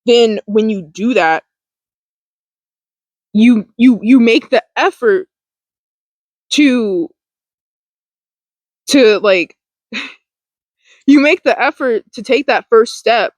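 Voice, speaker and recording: A woman's voice: a little high, very slow, long pauses, no echo, poor audio. A woman hosting a mindfulness talk, speaking in a loose, rambling way with lots of "like" and the odd swear word. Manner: rambling, full of "like" fillers and casual swearing. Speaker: mindfulness podcast host. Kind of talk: casual motivational talk.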